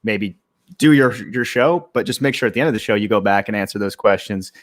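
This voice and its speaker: A man's voice: fairly low pitch, brisk, no room sound, clean studio sound. A young man, a startup co-founder, talking casually on a live stream with lots of fillers and restarts. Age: young adult. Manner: relaxed, many fillers and restarts.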